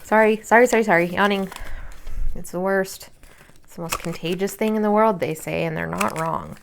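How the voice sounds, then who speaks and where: A woman's voice: fairly low pitch, fast, creaky, slight background noise. A tired woman in her thirties chatting casually at home while she crafts, rambling with lots of fillers. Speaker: crafting vlogger and mother.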